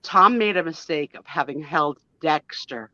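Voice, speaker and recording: Guesting on a live chat show, a woman in her fifties recounts a story in a deep, sharp voice, speaking a little slowly. She's gushing, emotional and chatty, with mild swearing. The sound is dull lo-fi and dry, with no room sound.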